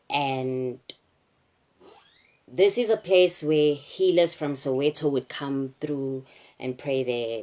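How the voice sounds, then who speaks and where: A young South African woman telling a personal story to camera, candid and halting, with frequent fillers. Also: extremely low pitch, darkish tone.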